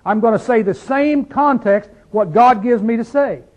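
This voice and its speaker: A man teaching a Bible study like a sermon, fervent, firing rhetorical questions and dropping from loud to hushed. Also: extremely high pitch, normal speed, rough recording.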